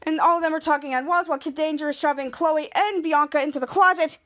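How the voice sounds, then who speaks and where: A woman's voice: sits high, quick pace, a bit bright. A woman hosting a podcast, casually recapping a TV episode in a rambling way with frequent restarts. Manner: rambling retelling with restarts, voices quotes. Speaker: podcast host.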